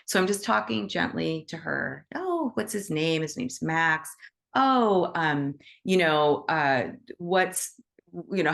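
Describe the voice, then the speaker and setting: A woman hosting an animal Reiki session over a video call, telling stories in a gentle, enthusiastic way with many "right?" asides. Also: fairly low pitch, creaky. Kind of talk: casual teaching chat on a video call.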